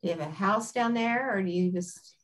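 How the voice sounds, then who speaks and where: A woman's voice: mid-range voice, a little fast. A woman with a mid-range voice chats on a video call, asking curious, friendly questions. She sounds like a club member catching up with others before a meeting. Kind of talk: casual chat on a video call.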